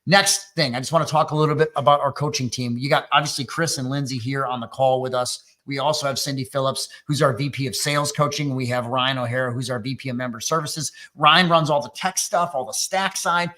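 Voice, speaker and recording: A man's voice: mid-range voice, fairly even intonation, brisk, hardly any pauses, pushed and bright. A man from Wisconsin hosting a business coaching webinar, talking loosely and joking with fillers. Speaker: webinar host and MSP coach. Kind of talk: energetic webinar talk.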